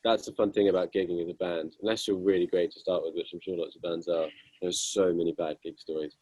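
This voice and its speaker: A young man with a husky voice, telling self-deprecating band stories with lots of fillers in a casual interview. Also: deep voice, little pitch movement, fast talker, warm tone, highs cut off. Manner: self-deprecating, amused, rambling with many fillers. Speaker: guitarist guest.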